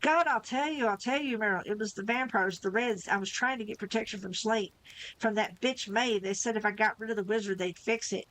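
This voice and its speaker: A woman's voice: medium pitch, fairly even intonation, a little fast, fairly bright tone, dry recording, close to an everyday voice, poor audio. A woman reading aloud, voicing a panicked, cowardly young male changeling who whines and pleads. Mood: desperate. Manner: pleading, whiny.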